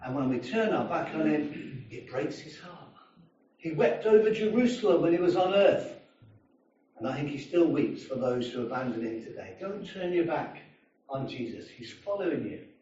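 A man's voice: fairly high pitch, normal speed. A man preaching a sermon in a church, telling a story and acting out the people in it. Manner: storytelling, animated, acting out a drunk's voice. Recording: echoey church hall from a distance, dull sound.

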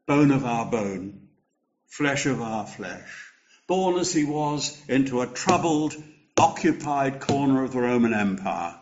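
Older male preacher, mid-pitched, unhurried, emphatic delivery, muffled recording. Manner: slow, measured preaching with emphatic rises. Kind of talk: sermon.

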